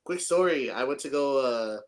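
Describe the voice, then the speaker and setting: A man's voice: medium pitch, lively intonation, normal speed. A young man from San Antonio, Texas, co-hosting a podcast in a laid-back, casual chat, swearing often and laughing a lot. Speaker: podcast co-host.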